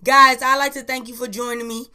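A woman hosting a casual news chat podcast, talking in a profane, lively way and recorded on an iPhone. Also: fairly high pitch, fairly quick. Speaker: podcast host.

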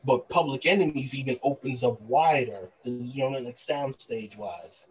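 A man who is a guest in a casual online hip-hop chat, talking enthusiastically in quick bursts. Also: medium pitch, breathy edge, rough recording.

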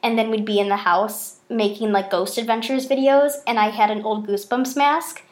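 Brief: young woman host, lively profane storyteller, slightly high voice. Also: moderate pace. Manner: animated, swears freely, acts out quotes. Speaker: podcast host. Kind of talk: casual storytelling chat.

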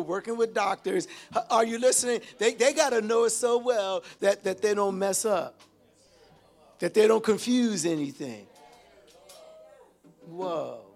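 An older man in his sixties preaching a sermon, exclaiming and calling out to his congregation with sudden shouts. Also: high voice. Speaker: pastor.

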